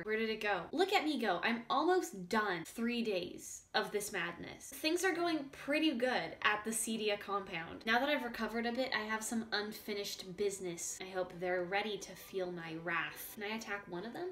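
A teenage girl giving casual, deadpan, jokey game commentary with sudden panicked shrieks, sounding a bit congested. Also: medium pitch, a little fast, few pauses. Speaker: gaming YouTuber.

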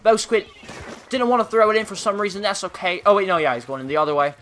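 A man's voice: sits high, expressive, fast talker, a bit bright, slight background noise, pitched above the performer's own voice. A man voicing a jolly, over-the-top commentator in a put-on British accent. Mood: cheery. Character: jolly mock-British male sports commentator.

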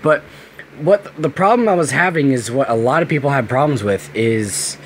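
A young man making a casual gaming vlog, swearing freely, his voice worn hoarse from screaming with joy. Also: mid-range voice, animated, normal speed, background noise. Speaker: gaming video maker. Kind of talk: excited casual vlog rant.

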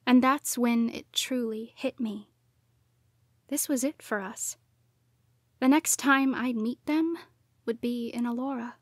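A woman narrating a first-person audiobook in a hushed voice that often drops to a whisper. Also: fairly high pitch, slow pace, long pauses, dry recording, clean studio sound.

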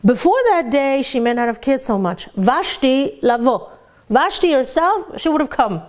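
A middle-aged woman gives a lively Torah lecture in a fairly high voice. Her pitch swings widely as she asks rhetorical questions and weaves Hebrew terms into the teaching. She sounds animated throughout. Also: normal speed.

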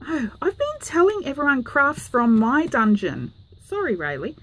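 A woman's voice: high voice, wildly swooping pitch, moderate pace. An Australian woman hosting her craft channel, chatting casually to camera with lots of ums and little apologies. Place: home craft room.

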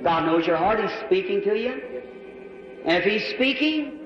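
A man preaches an altar call in a large church, his voice riding high. He pleads fervently, repeating his appeals again and again. The old, dull recording catches him from far off in a long, ringing hall. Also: lively intonation, moderate pace. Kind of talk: sermon altar call and prayer. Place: large church with balcony and box seats.

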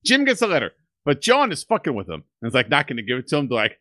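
Brief: high, bright male podcast co-host, playful recapper, close dry mic. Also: huge pitch swings, fast talker, hardly any pauses, dry recording. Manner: playful storyteller, laughing, acts out scenes. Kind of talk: casual movie chat.

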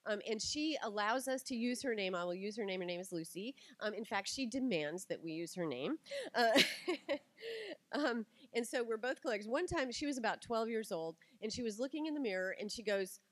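A middle-aged woman tells stories to a live audience and acts out each quoted line with energy. Her pitch sits in a medium range, and the recording is dry and close. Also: brisk, dry recording. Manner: animated storytelling, acts out quotes. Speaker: speaker giving a talk. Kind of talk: lively talk to an audience.

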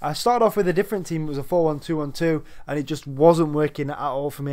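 A man's voice: on the high side, fast, few pauses, a little mellow. A young man, slightly out of breath, rambling casually through a video game player review with lots of ums. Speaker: gaming YouTuber.

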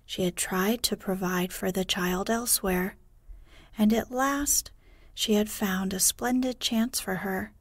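A woman reads a bedtime tale in a hushed, half-whispered voice. She takes her time over every phrase, and the sound is close and dry. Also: medium pitch, no echo. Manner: hushed, partly whispered, unhurried reading. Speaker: narrator of bedtime stories. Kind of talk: soft sleep-story narration.

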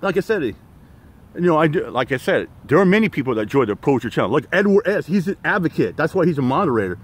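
A middle-aged man hosting his own channel delivers a rambling, profane livestream rant packed with fillers and restarts. His voice is on the high side, sing-song and slightly rough, and he talks fast.

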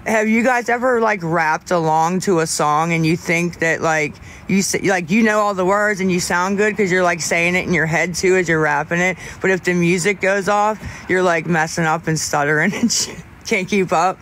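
A young man on a casual livestream, answering chat in a rambling, halting way with many restarts, candid about staying sober. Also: high voice, fairly even intonation, a bit bright, a little hiss or hum.

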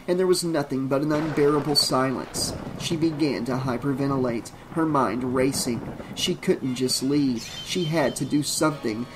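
A man narrating an audiobook in a dramatic way, slowing down on grim details. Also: mid-range voice, rough recording.

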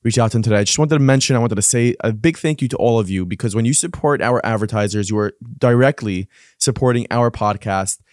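A man's voice: medium pitch, quick pace, few pauses, darkish tone. Chatty male podcast host. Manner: chatty, teasing, rambling questions. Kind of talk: podcast interview.

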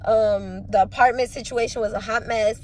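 A woman's voice: on the high side, steady tone, moderate pace, darkish tone. A woman in her twenties talking casually to camera in a vlog, venting her frustration and sometimes tearful. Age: 20s. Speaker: vlogger.

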